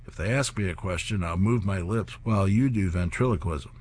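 A man voicing a clueless male office boss from a comic strip, with a husky voice. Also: low voice, fairly quick, a little hiss or hum, natural voice. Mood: matter-of-fact.

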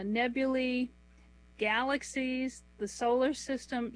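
A middle-aged woman, appearing as an author guest in an interview, talks conversationally about her work in a voice a little high for a woman. She explains things patiently one step at a time, slowing down whenever she runs through a list, and the recording is rough.

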